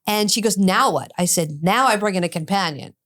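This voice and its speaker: A woman's voice: medium pitch, a little fast, fairly bright tone. A middle-aged woman, an addiction specialist, telling a story in an interview, acting out both sides of the dialogue with blunt, cursing energy.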